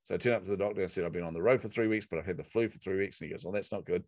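A middle-aged man, a podcast guest telling a lively personal anecdote. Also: low voice, rapid-fire, no echo. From New Zealand. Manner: animated anecdotal delivery with acted quotes. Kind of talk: storytelling in a podcast interview.

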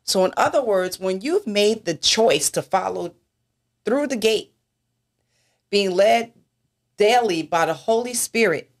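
A woman's voice: medium pitch, lively intonation, unhurried, long pauses. A woman minister in a church talk discussion, speaking emphatically and asking rhetorical questions.

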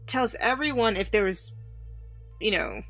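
A woman's voice: mid-range voice, measured pace, soft background music. A woman co-hosting a podcast, telling a personal spooky story in a chatty, casual way and acting out the people she quotes. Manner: chatty, animated when quoting others. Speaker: podcast co-host.

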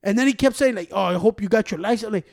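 A man, co-hosting a casual chat and telling stories in a profane, teasing, animated way. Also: high-pitched, very fast, vocal fry.

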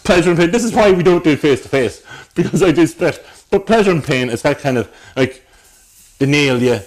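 A man co-hosting a podcast, rambling and laughing at his own jokes in casual chat. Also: mid-range voice. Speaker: podcast co-host.

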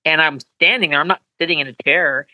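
A man being interviewed as a voice actor, telling animated anecdotes and acting out quotes in higher voices. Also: fairly quick, no echo, low-quality recording. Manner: animated storyteller, acts out quotes in high voices. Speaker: voice actor guest.

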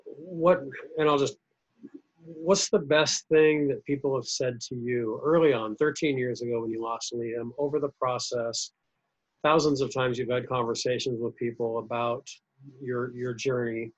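A man with a husky, breathy voice hosts an interview. He asks searching questions, thinks aloud and restarts his sentences. The recording sounds dull and lo-fi. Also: mid-range voice, fairly even intonation, unhurried. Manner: warm-hearted probing, thinks aloud, restarts. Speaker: podcast host, interviewer. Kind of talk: interview conversation.

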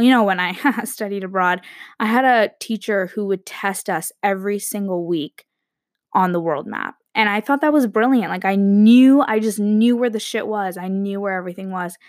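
A woman's voice: medium pitch, moderate pace, no echo. Young woman, early twenties, casual vlogger with a chatty, rambling delivery and a dry sound. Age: young adult. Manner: rambling, chatty, heavy use of "like", frequent laughs and self-interruptions. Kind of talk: casual monologue to camera.

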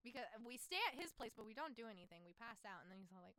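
A young woman co-hosting a casual chat, retelling a story in an animated way and acting out each character's lines, swearing and laughing often. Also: a little high, very fast, no room sound. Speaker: podcast co-host.

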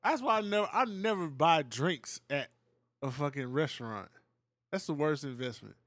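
A man's voice: a little high, lively intonation, normal speed, fairly bright tone, no echo, clean studio sound. A man co-hosting a podcast, chatting in laid-back, profane, joking banter. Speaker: podcast co-host. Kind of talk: casual chat.

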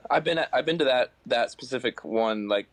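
A young man co-hosting a casual podcast, dropping short, relaxed reactions and questions. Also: medium pitch, a little fast. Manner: laid-back, short reactive comments. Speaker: podcast co-host. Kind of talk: casual chat.

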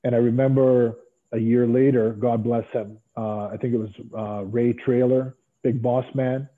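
A middle-aged man telling stories as an interview guest, animated and acting out other people's lines. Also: medium pitch, measured pace. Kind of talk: casual storytelling interview. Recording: tinny phone-like line.

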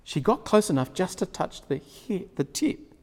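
A slightly high-voiced man preaching a sermon, telling the story vividly and chuckling as he goes. His voice rings with a long reverb from a large hall. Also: moderate pace. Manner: storytelling, animated, chuckling often.

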